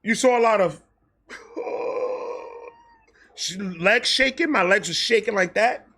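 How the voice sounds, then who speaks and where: High-voiced man telling a comic story. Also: slow pace. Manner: animated, profane, acts out quotes. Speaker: storytelling host. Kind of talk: comedic storytime monologue.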